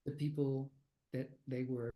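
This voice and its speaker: An older man being interviewed as a guest, speaking haltingly with many fillers and restarts. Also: medium pitch, flat delivery, dark tone, low-quality recording. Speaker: guest researcher of near-death experiences. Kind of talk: conversational interview answers.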